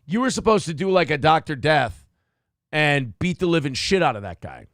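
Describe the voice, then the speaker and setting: A man's voice: fairly high pitch, very animated, normal speed, fairly bright tone, dry recording, studio quality. A man hosting a morning show, giving crude, mocking commentary over video clips, getting worked up.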